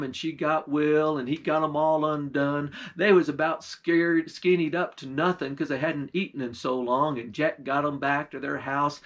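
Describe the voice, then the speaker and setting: A man's voice: fairly high pitch, fairly bright tone. A male pastor, telling a folktale in a folksy, drawling country manner. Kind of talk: folktale storytelling.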